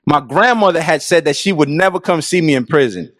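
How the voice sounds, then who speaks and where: Middle-aged guy telling his story, kinda high voice, earnest and reflective, dry close sound. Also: animated, fairly quick, a bit bright, no room sound. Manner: earnest, reflective, casual speech. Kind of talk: personal storytelling.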